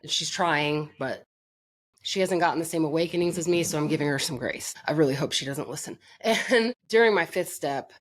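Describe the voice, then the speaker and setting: A woman's voice: sits low, fairly quick. A woman from Florida, a podcast guest telling her own story in a candid, blunt and profane way, mocking herself.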